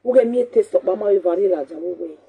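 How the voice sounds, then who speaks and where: Husky, mellow Nigerian woman host. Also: mid-range voice, fast. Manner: animated, scolding, repeats points for emphasis. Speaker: talk show host. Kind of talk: casual talk show monologue.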